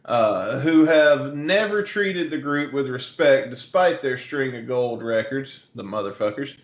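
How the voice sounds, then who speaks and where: A man's voice: medium pitch, animated, unhurried. Laid-back joking man on lo-fi audio. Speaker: podcast co-host. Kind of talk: casual chat.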